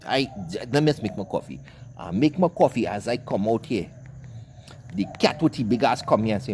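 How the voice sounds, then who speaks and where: A man's voice: on the low side, very animated, moderate pace, gravelly, a little mellow, a little hiss or hum. A man with a Trinidadian accent telling a rambling comic story in dialect, cussing and carrying on as an online commentator.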